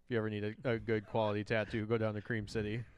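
A man's voice: fairly low pitch, monotone, very fast, smooth, highs cut off. A man in his late twenties chatting casually on a podcast, rambling with lots of fillers and laughter. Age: late 20s. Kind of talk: casual chat.

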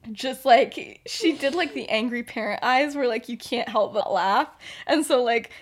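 A woman's voice: on the high side, unhurried, breathy edge. A young woman co-hosting a podcast, casually retelling a story with lots of fillers, restarts and laughs. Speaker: podcast co-host.

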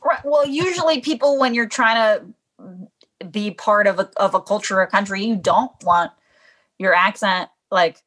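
A woman's voice: medium pitch, a little slow, fairly bright tone. A woman chatting frankly on a podcast, laughing often. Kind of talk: casual podcast banter.

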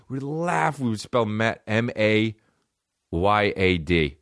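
A man's voice: fairly low pitch, unhurried, a bit bright, no echo, clean studio sound. A man hosting a podcast alone, telling rambling, profane comic stories. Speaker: podcast host. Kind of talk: comedic storytelling.

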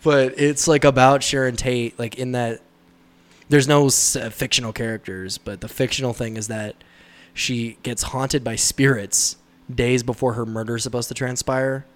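A man talking loosely about films in a relaxed chat, full of "like" and restarts. He laughs easily and keeps the story rolling at an average pitch. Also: normal speed. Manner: rambling, laughing, mimics voices in quotes. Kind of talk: casual chat about movies.

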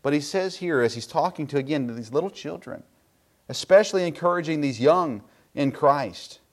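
A middle-aged man preaching from the pulpit, his voice sitting at an ordinary middle pitch. He talks in a folksy, self-deprecating way and turns to his listeners with little asides. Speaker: pastor. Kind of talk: sermon.

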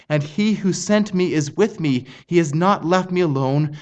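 A middle-aged man delivers an earnest sermon in a high voice. He reads scripture aloud and slows down to press on key phrases, emphatic throughout. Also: a little mellow, dull audio. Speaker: preacher.

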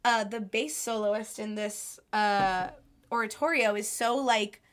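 A woman's voice: mid-range voice, steady tone, measured pace, a bit bright, a little hiss or hum. A woman in her twenties co-hosting a podcast, chatty and giggly, with lots of fillers. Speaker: podcast co-host. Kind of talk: casual chat.

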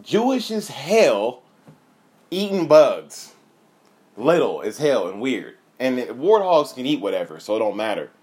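A man's voice: mid-range voice, big pitch swings, a little slow, a little mellow, slightly rough. A man in his thirties delivering a profane, comedic rant with laughing asides. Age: 30s. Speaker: comedian host.

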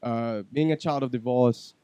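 A man speaks in on a podcast, blunt and liberal with swear words. He drops to quiet reflection, then gets loud and animated as he tells his story. The sound is close and dry. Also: mid-range voice, moderate pace, smooth, no echo. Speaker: podcast guest. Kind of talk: casual podcast chat.

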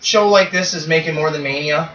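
A man's voice: on the high side, a little fast, echoey room, recorded from a distance, lo-fi sound, a crowd in the background. A man co-hosting a casual wrestling podcast, joking, profane and rambling. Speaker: podcast co-host. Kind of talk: casual banter watching wrestling.

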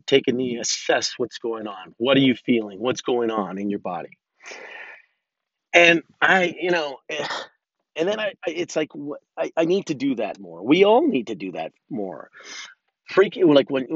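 A man talking alone into a close podcast mic, rambling and candid, his sentences full of swearing and restarts. His voice sits at an ordinary pitch. The recording is dry and a little dull. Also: no room sound. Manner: candid, self-reflective. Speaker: podcast host. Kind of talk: casual solo podcast monologue.

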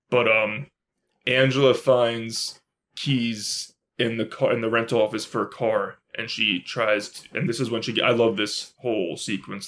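Excitable man gushing over a movie. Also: fairly low pitch. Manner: gushing, excitable, lots of fillers and repeats. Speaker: podcast co-host. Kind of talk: casual chat.

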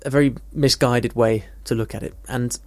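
A man's voice: medium pitch, fairly even intonation, normal speed, no room sound. A man talks through a language question like an English teacher, thoughtful and conversational, with personal stories along the way. His voice sits in a middle register. The sound is close and dry, with no room around it. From United Kingdom. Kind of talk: casual explanatory talk answering a question.

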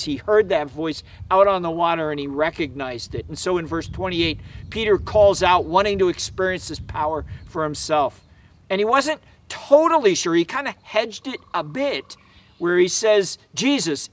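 A man preaching a sermon in an emphatic, conversational way, with casual asides and fillers. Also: on the high side. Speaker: pastor.

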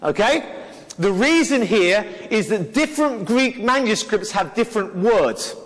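High-voiced man lecturing in a reverberant hall. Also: animated, unhurried, a bit bright. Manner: earnest, explanatory, with stumbling restarts and self-corrections. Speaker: Bible teacher. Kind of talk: Bible lecture to an audience.

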